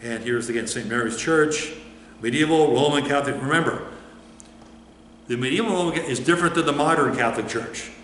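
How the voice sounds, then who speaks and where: Pastor lecturing in an echoey hall. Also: male voice, mid-range voice, brisk, fairly bright tone, a little hiss or hum. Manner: conversational, asks the audience questions and answers them; frequent fillers and repeated starts. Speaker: pastor teaching a history class. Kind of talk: informal slide-show lecture. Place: church hall or classroom. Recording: echoey hall, picked up from a distance.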